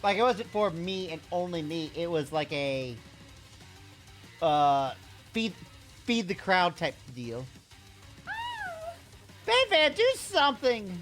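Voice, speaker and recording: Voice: mid-range voice, lively intonation, slow, long pauses, faint music behind. A streamer chatting casually between game scenes, rambling and swearing as they go. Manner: rambling, swearing, self-interrupting.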